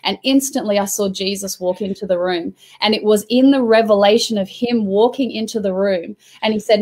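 A woman's voice: medium pitch, fairly quick, hardly any pauses, darkish tone. A woman in casual conversation, earnestly telling an emotional story of a prayer experience. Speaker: host. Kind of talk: casual chat.

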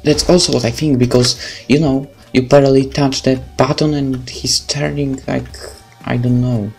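A gravelly, darkish, medium-pitched voice with a Polish accent keeps a level tone at normal speed. He creates gaming videos, and his frustrated commentary, with faint game music behind, is laced with swearing and sarcastic, angry outbursts.

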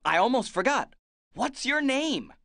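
A woman's voice: fairly high pitch, sing-song, unhurried, a bit bright, dry recording, clean studio sound, full character voice. A woman voicing a patient cartoon bus driver in a children's game, coaxing the player with questions and praise. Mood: encouraging. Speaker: game guide prompting the player.

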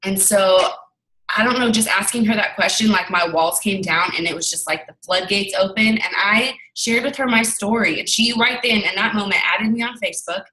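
A woman's voice: mid-range voice, moderate pace, bright, forceful tone, recorded from a distance, poor audio. A young woman leading a sales team gives a chatty, candid motivational talk, telling stories and acting out dialogue. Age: young adult. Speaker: network marketing team leader.

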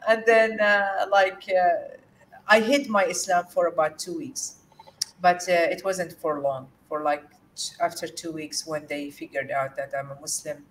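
A woman from Jordan, a guest in an interview, telling a personal story in an earnest, halting way with many fillers and restarts. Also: sits low, fairly even intonation, a little hiss or hum. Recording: distant mic with faint room ambience.

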